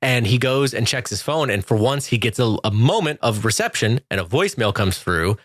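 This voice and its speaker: A man's voice: mid-range voice, animated, a little fast, a bit bright, no echo. A man co-hosting a podcast, casually walking through film scenes in detail and laughing along with his co-host.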